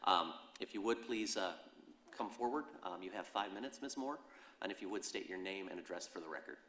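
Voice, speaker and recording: A very low-voiced man chairs a city council meeting, running through motions and votes at a fast clip. His voice rings in a roomy council chamber with a long reverb tail, and he reads the procedural rules aloud in a brisk, businesslike way. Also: bright, forceful tone, slight background noise.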